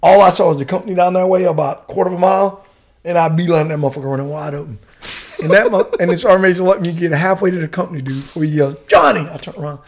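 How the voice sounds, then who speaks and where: Fast-talking profane storyteller man. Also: high voice. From United States. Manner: profane, laughing, slangy with dude and bro. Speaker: guest, retired Army warrant officer. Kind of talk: casual storytelling.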